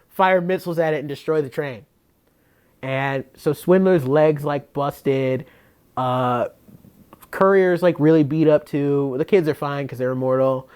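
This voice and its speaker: A man's voice: on the high side, darkish tone, smooth. A man with a slightly raised voice runs through a plot recap on a comedy podcast. He rambles and trips over his words, piling up fillers as he goes, and throws in wry asides. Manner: rambling, filler-heavy, self-interrupting. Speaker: podcast host.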